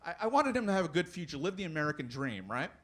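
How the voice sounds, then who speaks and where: A man's voice: fairly high pitch, big pitch swings, quick pace. A young man doing a stand-up comedy set, rambling with plenty of fillers and restarts. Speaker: stand-up comic.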